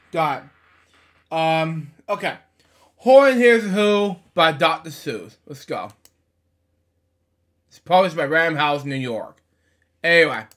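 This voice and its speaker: A man with a fairly high voice reads a children's book aloud at an unhurried pace. He stumbles, fills gaps with fillers and corrects himself, then breaks off for casual asides before moving on to the next page. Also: a bit bright. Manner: stumbling reader, frequent fillers and self-corrections; chatty asides between pages. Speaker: storybook reader. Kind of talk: halting picture-book read-aloud.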